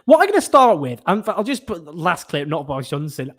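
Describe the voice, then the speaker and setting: A man's voice: a little high, sing-song, quick pace, hardly any pauses, fairly bright tone. A man hosting a political chat show, talking in an exasperated, rambling way with many restarts. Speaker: podcast host.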